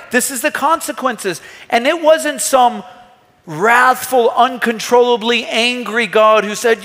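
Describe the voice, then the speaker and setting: Male pastor, thirties, bright high voice, earnest emphatic sermon, long church reverb. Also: a little slow. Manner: earnest, emphatic preaching with rhetorical questions. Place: church hall.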